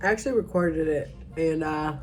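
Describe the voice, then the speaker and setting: A woman's voice: deep voice, moderate pace, darkish tone, faint music behind. A tipsy woman rambling through a casual vlog, mocking herself, trailing off and restarting her sentences. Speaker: vlogger.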